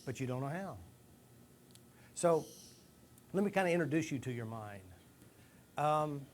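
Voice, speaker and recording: A man giving a lively live talk to a rehab group, asking the room questions and acting out stories. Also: on the high side, unhurried, pauses often, a little hiss or hum. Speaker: speaker addressing a rehab group. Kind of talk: live motivational talk to an audience.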